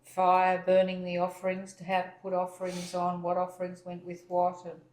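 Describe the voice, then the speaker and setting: A woman's voice: fairly low pitch, monotone, normal speed, a little mellow. A woman in a casual dining-table discussion, listing items one after another. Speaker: discussion participant. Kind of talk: casual chat. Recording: echoey room, voice set back from the mic.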